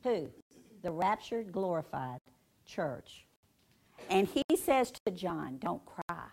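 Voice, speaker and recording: A woman preaching a sermon and teaching from the Bible, dramatic and emphatic, with heavy pauses and repetition, and she puts questions straight to her listeners. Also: on the low side, very animated, mellow, husky. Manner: asks the audience direct questions.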